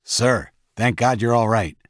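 A man's voice: medium pitch, a little slow, dry recording, studio quality, pitched above the performer's own voice, close to an everyday voice. A man reading an audiobook voices a scheming male aide who speaks in curt, urgent lines. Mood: relieved. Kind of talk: audiobook character voice.

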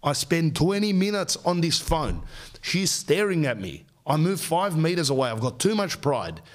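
A middle-aged man, a podcast host, telling a comic story in an animated, exasperated rant. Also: fairly high pitch, moderate pace.

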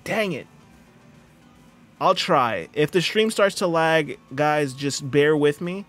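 Chatty male game streamer, slightly high voice. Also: lively intonation, a little slow, a bit bright, soft background music. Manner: chatty, greets viewers and reads chat aloud. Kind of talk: casual live-stream chat.

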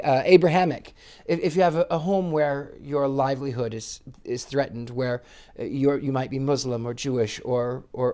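A man's voice: on the high side, a little mellow. A man, a psychic, speaking earnestly in a reflective monologue, with frequent restarts. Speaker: psychic sharing personal reflections.

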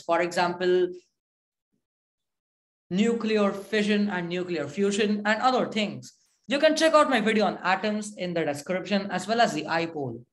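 A woman narrating a casual science lesson, listing facts in a chatty, playful way with quick asides. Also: mid-range voice. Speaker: educational channel presenter. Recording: roomy echo.

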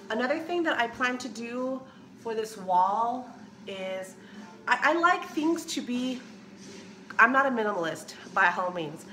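A woman's voice: on the high side, animated, a little slow, pauses often, bright, forceful tone, slight background noise. A young woman chatting casually in a show-and-tell home vlog, rambling with lots of fillers and restarts. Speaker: vlogger. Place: small kitchen at home. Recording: echoey home room.

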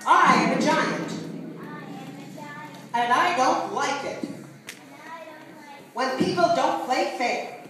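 Storyteller woman doing a friendly giant, slow drawn-out words, high voice, echoey far-off live recording, instrument music behind. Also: lively intonation, a bit bright, exaggerated voice. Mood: kindly. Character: big helpful giant, male, slow and booming.

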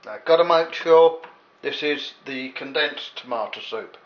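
A man's voice: mid-range voice, measured pace. An English man giving a casual, jokey cooking demonstration in his home kitchen, full of rambling asides to the viewer. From England. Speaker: home cook. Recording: echoey, dull lo-fi with faint hiss.

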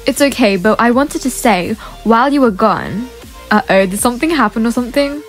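Young woman, gaming commentary, excitable, gasping, high-pitched, faint background music. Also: fairly quick. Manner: excitable, gasping, chatty asides to viewers. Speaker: gaming YouTuber. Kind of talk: casual game commentary to viewers.

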